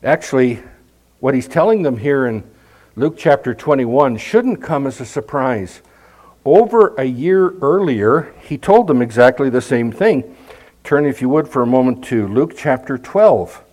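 A man's voice: mid-range voice, lively intonation, slow, pauses often, darkish tone, rough recording. A middle-aged male pastor preaching a conversational sermon, with emphatic scripture readings.

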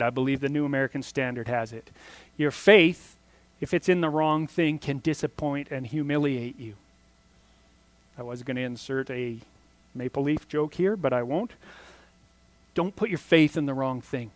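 A man's voice: mid-range voice, normal speed, no echo. A man preaching a conversational sermon, explaining scripture with casual asides and restarts. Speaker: pastor.

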